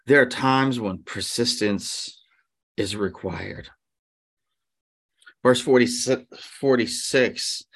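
A man's voice: medium pitch, fairly bright tone. A male pastor preaching a sermon in a conversational way, asking rhetorical questions and acting out quotes.

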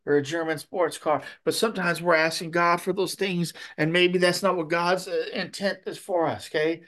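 A man's voice: high voice, steady tone, moderate pace, fairly bright tone. A man as pastor giving a conversational sermon, tagging his points with "okay?" and telling stories. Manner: tags points with "okay?", storytelling.

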